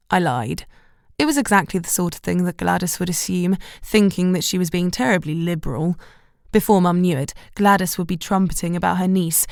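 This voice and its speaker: A woman narrating a romantic comedy audiobook in the first person, wry and measured. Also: fairly low pitch, steady tone, gravelly, dry recording, clean studio sound.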